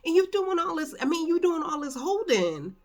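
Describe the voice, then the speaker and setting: A woman's voice: very high-pitched, very animated, moderate pace. A middle-aged woman talking candidly and emotionally at home in an unscripted personal vlog, rambling with many fillers. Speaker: vlogger. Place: at home indoors.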